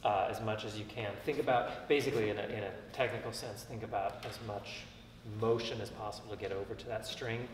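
A man's voice: fairly low pitch, steady tone, a little fast, few pauses, noisy background. A man teaching a violin master class, giving constructive feedback and thinking aloud with frequent restarts. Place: concert hall, indoors. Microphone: distant room mic. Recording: echoey hall from far off. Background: violin and piano playing.

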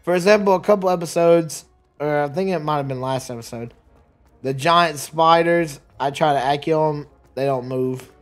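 A man's voice: a little high, moderate pace. A man giving casual let's play commentary, rambling and chatty, often laughing and tripping over his words. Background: faint game music.

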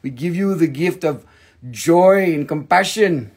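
Guy hosting a crystal sale livestream, goofy and rambly, high raspy voice with lots of gravel. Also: a little slow. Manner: goofy, rambling, jokes and sudden shouts. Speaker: host selling crystals on a live stream. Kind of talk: playful live-stream sales chat.

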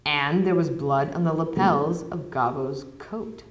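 A woman doing a jittery, evasive village man from a spoken storybook, low and hushed and slowed down. The voice rings in an echoey hall. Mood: agitated. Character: nervous middle-aged male villager, evasive.

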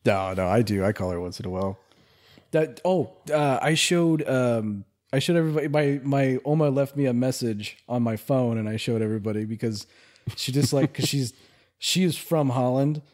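This is a man of middle pitch co-hosting a casual podcast. He chats loosely over drinks, rambles from one story to the next and breaks into laughter often. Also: normal speed, darkish tone. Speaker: podcast co-host.

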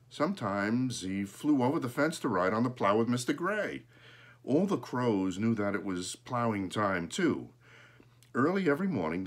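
A man reads a children's storybook aloud in a low voice with lively, animated inflection. He stops from time to time to point out the pictures. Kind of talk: reading a children's book aloud.

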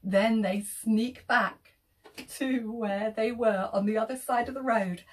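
A woman telling an interactive children's story, animated and sing-song, with whispers and gasps for effect. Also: fairly high pitch, slow, far from the mic.

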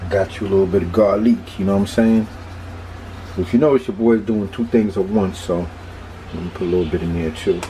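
A man's voice: low-pitched, steady tone, brisk, noisy background. A man with a Philadelphia accent, talking casually and repeating himself as he cooks on his own video. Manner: laid-back, chatty, repeats himself. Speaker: cooking vlogger. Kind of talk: casual cooking vlog.

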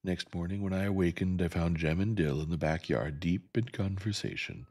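A man narrating a novel in a gentle audiobook reading, with a soft, unhurried, calm delivery. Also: low-pitched, slightly rough.

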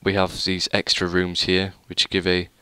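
A man's voice: sits low, monotone, normal speed, sharp tone, clear, resonant tone, no echo. A young man giving a rambling, self-deprecating tour of a game world, full of hesitant fillers. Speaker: gaming YouTuber. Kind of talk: casual let's play commentary.

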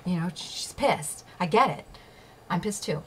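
A woman's voice: on the low side, lively intonation, a little slow, slightly rough, poor audio. A woman vlogger telling a personal story, emphatic, swearing at times and checking in with her listeners. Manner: emphatic, swears, asks "okay?" and "right?" often. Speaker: vlogger sharing personal experience.

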